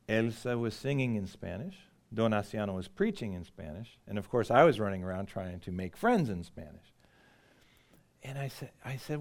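A middle-aged American man preaching, mixing a personal story with lively, conversational emphasis and occasional laughs. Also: lowish voice, normal speed. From United States.

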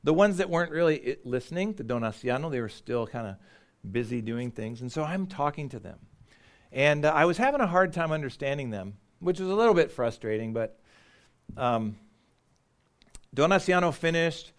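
A middle-aged American man preaching, mixing a personal story with lively, conversational emphasis and occasional laughs. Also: on the high side, normal speed. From United States.

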